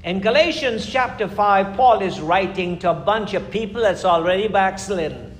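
A man preaching a fervent sermon as pastor, emphatic, with sudden rises and slowed, stressed lines. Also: high-pitched, animated. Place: church. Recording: echoey church room.

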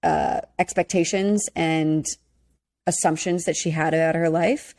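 A woman's voice: deep voice, fairly even intonation, measured pace, darkish tone. A woman co-hosting a casual chat about a dating show, speaking bluntly and candidly and swearing freely. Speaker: podcast co-host.

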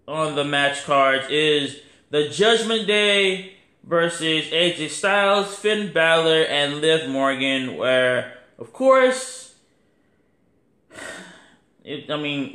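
Podcast host, man, slangy rambling talk, slow and sharp-toned. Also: a little high, roomy sound. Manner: slangy, rambling, filler-heavy. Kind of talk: casual wrestling review.

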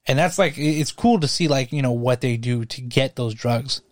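A man's voice: mid-range voice, moderate pace, no room sound, clean studio sound. Rambling male movie podcast co-host. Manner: rambling, lots of fillers and restarts. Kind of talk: casual movie chat.

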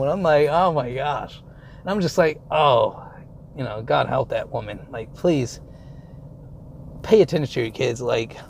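A young adult man tells a story straight to camera in a loose, rambling way, full of fillers and casual cursing. His voice has a gravelly, creaky edge at a mid pitch. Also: a little hiss or hum.

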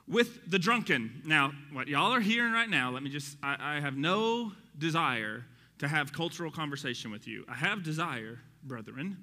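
A male pastor preaching a sermon, animated and joking with his congregation. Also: on the high side. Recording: reverberant hall.

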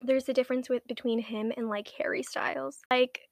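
A woman's voice: on the high side, little pitch movement, brisk, no echo, clean studio sound. A young woman in a casual monologue to the camera, rambling and self-mocking, swearing constantly and dropping into whispers for asides.

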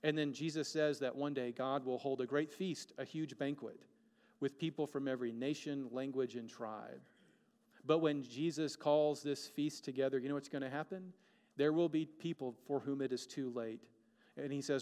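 A man's voice: medium pitch, fairly even intonation, normal speed, darkish tone, in a large hall. A man preaching a sermon as a pastor, earnest, with rhetorical questions and dramatic shifts of pace.

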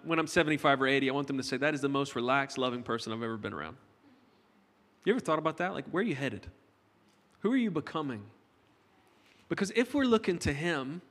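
A long reverb from the church hall trails the fairly high, fairly bright voice of a middle-aged pastor. He preaches conversationally, trading jokes with the congregation.

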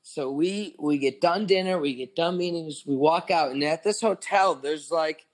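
A man's voice: on the high side, moderate pace. A man in his twenties, a podcast co-host, telling a long story in casual chat, rambling with lots of "like" and swearing.

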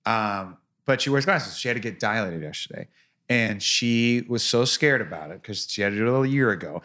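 A father in casual chat, telling animated stories about his daughter and acting out the quoted voices. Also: fairly low pitch, a little fast.

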